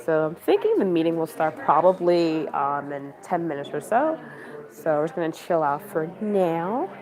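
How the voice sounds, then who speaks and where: A woman's voice: low-pitched, sing-song, moderate pace. A woman livestreaming on her phone from a campaign office, chatting casually and rambling with lots of fillers. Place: busy campaign office indoors. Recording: crowd chatter behind.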